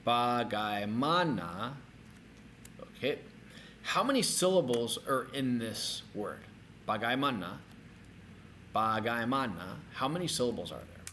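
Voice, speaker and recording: A middle-aged man giving a recorded language lesson, energetic and repeating words slowly for learners to copy. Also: mid-range voice, slight background noise. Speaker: language teacher.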